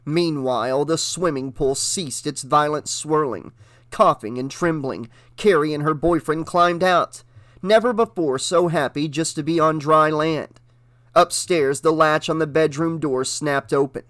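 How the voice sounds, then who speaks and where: A man reading a horror novel aloud as an audiobook, with steady, dramatic narration. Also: on the high side, unhurried, dry recording.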